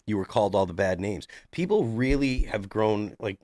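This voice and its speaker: A man's voice: on the low side, animated, moderate pace, a little mellow, no room sound, studio quality. A man co-hosting a casual panel discussion, talking earnestly with frequent restarts. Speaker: podcast co-host.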